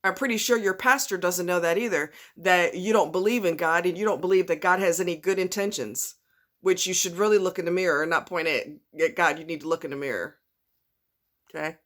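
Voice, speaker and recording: A woman's voice: on the low side, brisk, a bit bright. A woman ranting angrily into her camera, blunt and profane, repeating herself for emphasis. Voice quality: blunt, swearing, repetitive. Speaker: vlogger. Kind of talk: profane angry rant.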